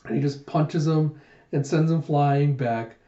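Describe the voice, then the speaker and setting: Excitable man retelling a comic. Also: a little high, unhurried. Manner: animated, lots of laughing asides. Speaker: manga reviewer. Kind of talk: casual comic readthrough. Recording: echoey room, dull sound.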